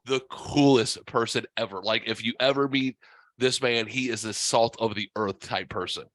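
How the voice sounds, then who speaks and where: A man hosting a podcast, telling a story in an animated way with swearing and acted-out quotes. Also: medium pitch, normal speed, no room sound. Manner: animated, profane, acts out quotes. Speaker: podcast host. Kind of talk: casual storytelling.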